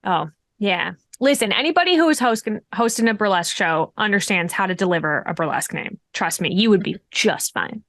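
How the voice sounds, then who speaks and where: A woman's voice: mid-range voice, animated, a little fast, fairly bright tone, no echo, studio quality. A woman hosting as game master of a streamed tabletop game, chatting in a bubbly way and laughing often. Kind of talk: casual chat at the end of a streamed tabletop game.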